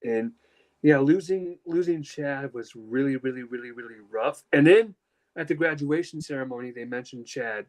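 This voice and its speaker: A man's voice: mid-range voice, normal speed, darkish tone, poor audio. Young male podcast host, casual and emotional storyteller, rambling delivery. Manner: emotional, rambling with many fillers and restarts.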